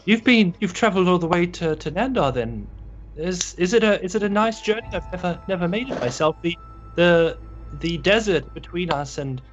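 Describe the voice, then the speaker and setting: A man's voice: fairly high pitch, muffled recording, pitched above the performer's own voice, close to an everyday voice. A man voicing a flustered, eager female tavern barkeeper who stammers politely.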